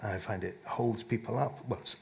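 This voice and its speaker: A man's voice: fairly low pitch, normal speed, creaky, a little hiss or hum. A man speaking on a live festival panel, casual and rambling, with frequent restarts and laughter. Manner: rambling, self-interrupting, laughs often. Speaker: musician and author on a panel. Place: live event stage.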